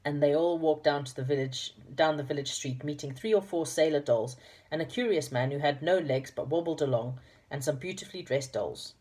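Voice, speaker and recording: A woman with a low, mellow voice reads a children's storybook aloud. She talks to her listeners with affection between chapters. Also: brisk. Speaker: reader of children's stories.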